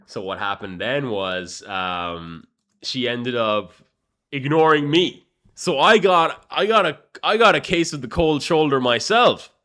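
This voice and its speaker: A young man with an Irish accent, a chess streamer casually telling a story to his live chat in a profane, animated way. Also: low-pitched, unhurried, clear, resonant tone. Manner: profane, animated, swings between loud and mumbled.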